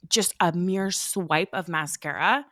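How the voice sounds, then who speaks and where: A woman co-hosting a casual podcast, a mother of young kids who tells stories with lively, acted-out voices for the people in them. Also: on the low side, slow pace, no echo, clean studio sound. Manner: animated storyteller who acts out the people she quotes. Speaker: podcast co-host. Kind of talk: casual chat.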